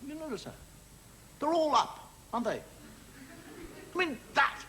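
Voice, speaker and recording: His voice is extremely high, sing-song, pushed and bright, at a measured pace. This male comedian performs a confiding studio monologue for a live audience, chatting in asides and acting out small scenes with mimed sounds, captured on a noisy old TV recording full of laughter.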